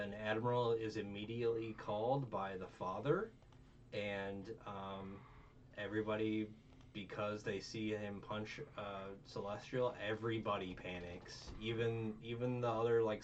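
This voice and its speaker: A man hosting an anime review, recapping the plot in a rambling, profane, animated way. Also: lowish voice. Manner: rambling, profane, animated with put-on character voices. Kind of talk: casual recap chat. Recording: distant lo-fi mic with faint room noise.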